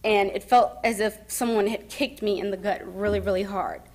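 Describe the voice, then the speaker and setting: Soft-spoken young woman giving testimony. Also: medium pitch, fairly even intonation. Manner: soft-spoken and emotional, pausing and restarting. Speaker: speaker telling her story. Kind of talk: personal testimony speech. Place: summit event.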